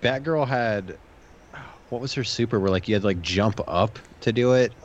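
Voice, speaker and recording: Low-voiced joking man. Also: moderate pace, dull audio, a little hiss or hum. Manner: joking, swears freely. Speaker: podcast co-host. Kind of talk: casual podcast chat.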